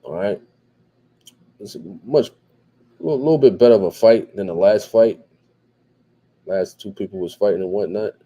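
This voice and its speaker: A man's voice: on the low side, normal speed, long pauses, dark tone, lo-fi sound. A tired man doing casual live fight commentary, reading viewers' chat and answering it in a laid-back way, full of repeats and fillers. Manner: laid-back, repeats himself, many fillers like "what have you".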